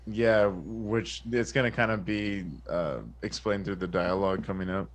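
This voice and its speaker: Lowish guy doing the recap, measured and steady. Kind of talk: podcast plot recap.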